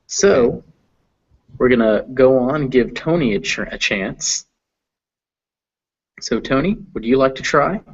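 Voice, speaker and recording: A man's voice: medium pitch, lively intonation, a little slow, pauses often, breathy edge. A man teaching English pronunciation in an online lesson, patient and encouraging, with lots of fillers. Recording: dull lo-fi voice chat audio.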